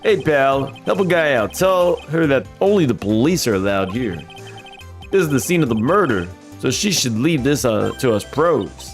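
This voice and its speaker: A man's voice: mid-range voice, sing-song, moderate pace, voice pushed up. Brief: bumbling good-hearted detective, blustery and folksy, read by a male streamer, faint music behind.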